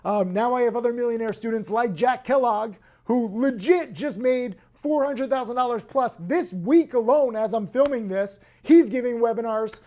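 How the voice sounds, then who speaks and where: A man with a hoarse voice hosting in excitable, emphatic casual promotional talk. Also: extremely high pitch, moderate pace, hardly any pauses. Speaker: host.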